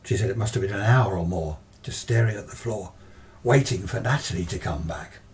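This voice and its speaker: A man's voice: low voice, brisk, far from the mic. A man retelling a ghost story in a casual, meandering way as the storyteller.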